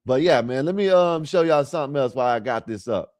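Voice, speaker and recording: A man's voice: medium pitch, lively intonation, quick pace, a little mellow, dry recording, clean studio sound. A man hosting a livestream, rambling casually and talking straight to his viewers. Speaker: livestream host.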